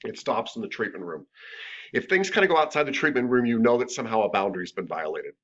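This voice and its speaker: A man's voice: medium pitch, expressive, quick pace, fairly bright tone. A man teaching a massage therapy class in a casual, joking, conversational lecture. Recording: dull lo-fi lecture recording.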